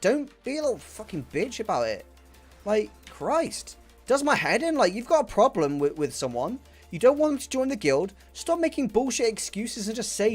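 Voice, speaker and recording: A young man rants and swears through his gaming stream, stumbling over and repeating his words in frustration. His voice sits somewhat high for a man, and faint game music plays under him. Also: big pitch swings, normal speed. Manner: angry, profane, repeats himself. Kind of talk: ranting chat while streaming a game.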